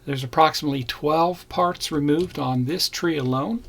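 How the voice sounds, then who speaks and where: Male kit reviewer, raspy low fry in the voice, plain and easygoing unboxing delivery. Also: a bit bright. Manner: plain, unhurried, points out parts as he shows them. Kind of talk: casual unboxing narration.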